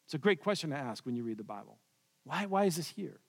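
Man, pastor, sermon, high voice, loud-to-hushed storytelling, long hall reverb. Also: very animated, fast talker, gravelly.

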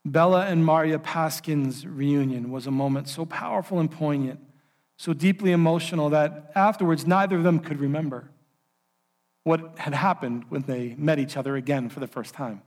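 High-voiced man telling a sermon story. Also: normal speed. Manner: animated storyteller, voices characters' lines. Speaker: preacher.

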